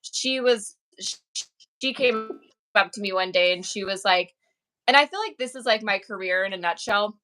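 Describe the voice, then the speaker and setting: A woman's voice: mid-range voice, moderate pace, bright, forceful tone, rough recording. A woman actress and author chatting in an interview, telling stories in an upbeat way with many fillers. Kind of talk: casual interview chat.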